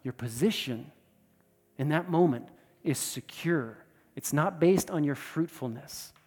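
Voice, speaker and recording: A man preaching a sermon with emphatic delivery, repeating words and swinging between loud and soft. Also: fairly high pitch, unhurried, long reverb tail. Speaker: pastor.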